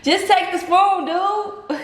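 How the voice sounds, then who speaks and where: A woman's voice: extremely high pitch, slow. A woman vlogging as a mother, teasing her child with a playful, laughing manner. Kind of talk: casual family vlog chat. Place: home kitchen. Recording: echoey room.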